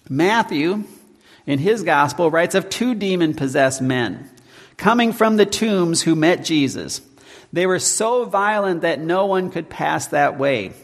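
Man preaching, fairly high voice, measured delivery, slows for scripture readings, long church echo. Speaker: pastor. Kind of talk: sermon.

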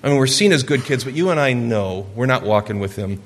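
A man's voice: mid-range voice, lively intonation, brisk, big-room sound, lightly acted. A man quoting an earnest teenage boy in a sermon, in his own everyday voice. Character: earnest teenage boy, serious about faith.

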